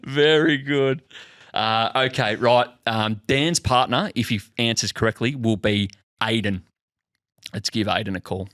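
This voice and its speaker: A man with an Australian accent hosting a casual golf podcast, excitable and quick to laugh. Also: medium pitch, dry recording, clean studio sound. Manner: excitable, laughs often, says he gets nervous. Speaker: podcast host. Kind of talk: casual chat.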